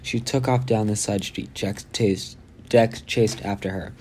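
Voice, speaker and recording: A man's voice: lowish voice, fairly even intonation, a little slow, darkish tone, a little hiss or hum. A man reading a novel chapter aloud, stumbling and restarting lines and adding his own asides. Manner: reads with frequent slips and restarts, adds asides. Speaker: audiobook reader. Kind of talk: amateur audiobook reading.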